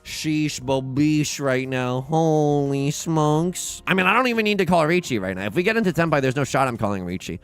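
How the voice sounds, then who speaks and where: Lively, gravelly-voiced male streamer. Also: a little high, very fast, few pauses, faint music behind. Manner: playful, jokey, chatting with viewers. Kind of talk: casual livestream commentary while playing.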